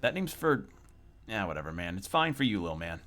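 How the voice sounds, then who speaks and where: A man's voice: deep voice, big pitch swings, fairly quick, fairly bright tone, faint music behind, voice pushed down. A man doing a drawling, easygoing young slacker. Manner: drawling slang, calls the listener little man. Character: laid-back young male slacker mechanic, easygoing.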